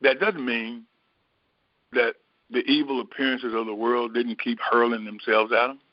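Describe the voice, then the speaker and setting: Middle-aged man, mid pitch, reflective Bible teacher thinking aloud; dull dry lo-fi take. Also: level tone, no room sound. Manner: unhurried, repetitive, musing aloud. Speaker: spiritual teacher.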